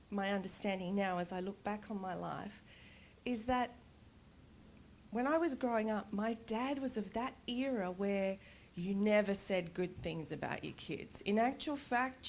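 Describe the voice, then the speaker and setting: A middle-aged woman giving a conference talk, telling personal stories in a candid, animated way and laughing often. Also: medium pitch, a little hiss or hum. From Australia. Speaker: conference speaker. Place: conference stage.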